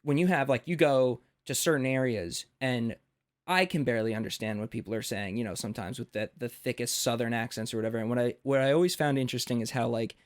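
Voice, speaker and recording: American man, podcast host, animated, rambling, lots of fillers and restarts. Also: medium pitch, fast talker. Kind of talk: casual podcast interview.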